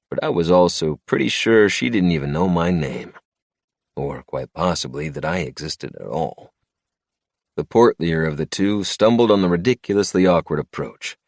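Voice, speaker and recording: A man narrating a first-person romantic suspense audiobook in a low, measured delivery. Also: dry recording, studio quality.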